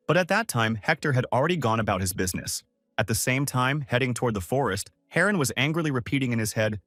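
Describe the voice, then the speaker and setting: A man narrating a story recap from a script in a steady storytelling manner. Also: mid-range voice, fast, no echo. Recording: dry close voice over soft music.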